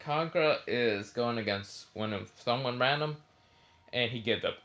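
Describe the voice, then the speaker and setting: A man's voice: medium pitch, moderate pace, fairly bright tone. A young man casually retelling a fan story. He rambles with many fillers and self-corrections.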